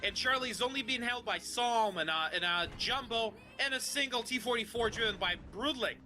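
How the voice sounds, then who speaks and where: Bright high-voiced male game commentator. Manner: excitable, jokey, quick to laugh. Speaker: esports commentator. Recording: faint music behind.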